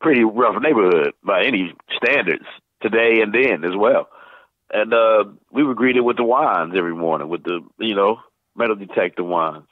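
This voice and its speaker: A man in his fifties from Saint Louis, telling animated stories about his youth as a voice actor guest in an interview, dropping in quick voice impressions. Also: fairly low pitch, no room sound. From Saint Louis, USA. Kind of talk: casual storytelling interview. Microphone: phone call. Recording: tinny phone-line sound.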